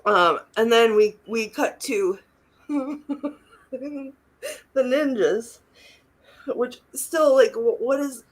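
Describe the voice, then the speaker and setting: A young woman co-hosting a podcast casually recaps a film, often dissolving into giggles. Her voice is fairly high and very slow, with long pauses.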